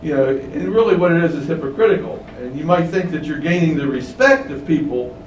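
A man's voice: a little high, animated, fairly quick. A man preaching a sermon, emphatic, with many rhetorical questions, in a windowless room. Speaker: pastor. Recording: roomy, distant mic, faint hum.

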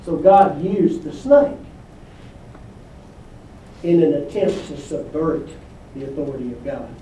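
A man's voice: on the high side, lively intonation, slow pace, mellow, a little hiss or hum. A man preaching a sermon as pastor, reading scripture aloud and asking the congregation questions. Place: church hall. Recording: echoey hall, voice from far off.

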